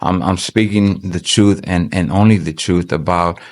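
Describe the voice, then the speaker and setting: A man with a fairly low voice tells his faith story in an earnest, halting way. He keeps restarting his sentences as he speaks to a church interviewer. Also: steady tone. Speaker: church member giving testimony. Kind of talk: personal faith testimony.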